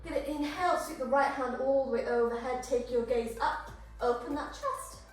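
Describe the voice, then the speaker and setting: Woman yoga teacher, high voice, a bit breathless, encouraging cues; heard far off in a very echoey room over music. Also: normal speed. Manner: encouraging, cueing breath and poses. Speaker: yoga instructor. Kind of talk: guided yoga flow instruction.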